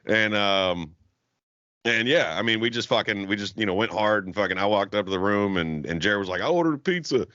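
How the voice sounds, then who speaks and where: Podcast co-host, young man, low voice, bright and forceful, dull lo-fi sound, profane rambling storyteller. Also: fairly even intonation, normal speed, dry recording. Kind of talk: casual storytelling chat.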